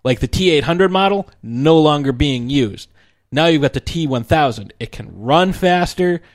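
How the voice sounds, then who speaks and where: A man's voice: a little high, expressive, moderate pace, no echo. Rambling man talking film, dry sound. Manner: rambling, full of fillers and restarts. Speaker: film commentator. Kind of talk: casual film discussion.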